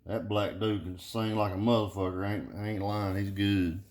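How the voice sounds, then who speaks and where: A man's voice: on the low side, flat delivery, moderate pace, a little mellow. Profane drawling man ranting. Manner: profane, blunt, drawling southern slang. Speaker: car audio vlogger. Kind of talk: casual rambling rant.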